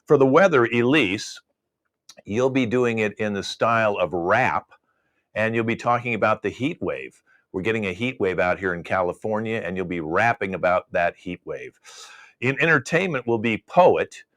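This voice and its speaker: A man's voice: lowish voice, animated, normal speed, a bit bright. A man hosting an online improv comedy show, casually explaining the games to the players. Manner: easygoing, explains game rules. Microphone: video call.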